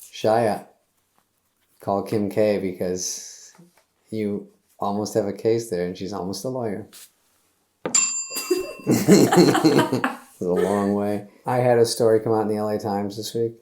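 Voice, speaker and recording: A man's voice: lowish voice, fairly even intonation, measured pace, long pauses, echoey room, noisy background. A middle-aged man hosting, delivering a loose, sarcastic comedy monologue that acts out little quotes in other voices. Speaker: host.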